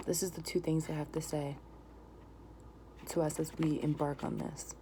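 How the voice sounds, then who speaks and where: A woman giving a tarot reading, often dropping into a whisper and breaking into excited exclamations. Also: low voice, moderate pace. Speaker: tarot reader. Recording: noisy home recording.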